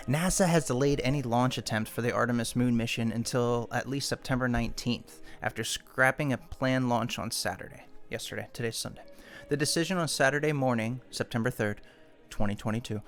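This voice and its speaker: Man streamer, ranting news commentary, irritated and sweary, faint music underneath. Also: mid-range voice. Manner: irritated, swearing, reads articles aloud with asides.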